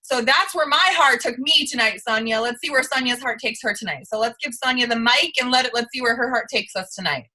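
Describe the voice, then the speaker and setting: A woman's voice: fairly high pitch, a little fast, few pauses, sharp tone. A young woman hosting a video call, giving a gushing, repetitive motivational pep talk to her team. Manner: gushing, repetitive, hyping up the audience. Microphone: computer mic on a video call.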